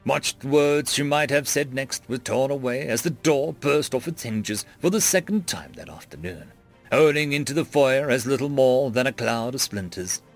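Dramatic, gravelly male storyteller. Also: mid-range voice, moderate pace, faint music behind. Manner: dramatic, expressive reading. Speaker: narrator. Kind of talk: storytelling narration.

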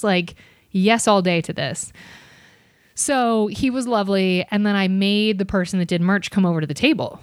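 A woman chatting as a podcast guest, spinning animated stories with quick asides and sudden jumps in energy. Her voice sits in a middle range. The sound is dry and close, with no room around it. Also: medium pitch, no room sound. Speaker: podcast guest, bartender and comedy club server. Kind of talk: casual podcast chat.

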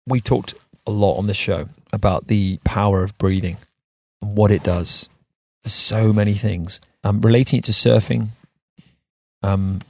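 Man, 30s, podcast host, gravelly voice, dry sound, lively chat, gentle breathing guidance. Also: lowish voice, no room sound. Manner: animated, exclaims and laughs, calm and soft when guiding breathing.

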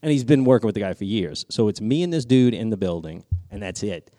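A man telling a story on a podcast, animated and swearing a lot, his voice jumping high when he gets excited. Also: quick pace, no echo, clean studio sound. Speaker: podcast co-host. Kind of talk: casual chat, storytelling.

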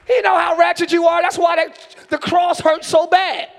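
A hoarse man preaching a shouted sermon as pastor, hollering in rhythmic repeated phrases and calling out to the congregation, recorded live in a large church. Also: extremely high pitch, level tone, moderate pace, some chatter behind. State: hoarse from screaming. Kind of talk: shouted Pentecostal-style sermon. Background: church band music.

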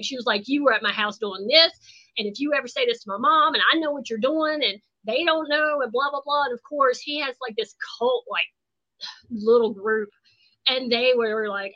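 A woman guest telling stories in a blunt, animated, profane way in casual chat. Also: on the high side. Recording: dull lo-fi sound.

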